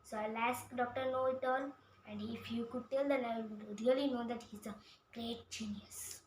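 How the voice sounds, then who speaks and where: A man's voice: very high voice, fairly even intonation, moderate pace, roomy sound, slight background noise. A woman doing a doubting rich storybook master. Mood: scheming. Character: rich male house owner, doubtful and commanding.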